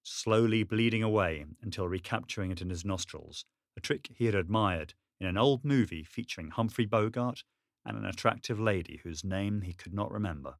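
Male audiobook narrator, low steady voice, dry close recording. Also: gravelly, dry recording. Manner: steady, measured storytelling. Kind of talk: scripted narration.

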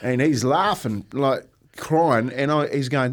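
A man's voice: medium pitch, measured pace. A man with a New Zealand accent, a former coach on a radio panel, telling anecdotes and laughing through them. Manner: laughing through his stories, restarts. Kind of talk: casual anecdote.

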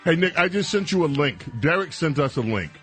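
A man's voice: fairly high pitch, sing-song, fairly quick, fairly bright tone, soft background music. A man hosting a radio talk show, delivering an indignant, emphatic monologue with stammered restarts.

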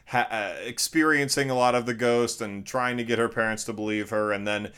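A man's voice: brisk, smooth. A man co-hosting a casual movie review chat, speaking thoughtfully and stammering now and then. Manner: thoughtful, stammers at times, lively pitch swings. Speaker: podcast co-host.

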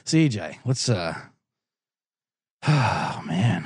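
A man hosting a sports betting podcast alone in a small recording booth, rambling comically, loud and excitable, swinging from shouting to mumbling. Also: mid-range voice, extremely slow, breathy edge, no echo, clean studio sound. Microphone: studio microphone.

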